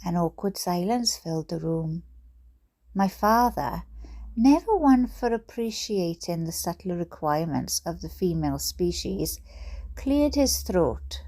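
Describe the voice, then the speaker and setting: A woman's voice: lowish voice, expressive, measured pace, mellow. A Welsh woman reading a book aloud, breaking off into giggly, chatty asides. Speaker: reader.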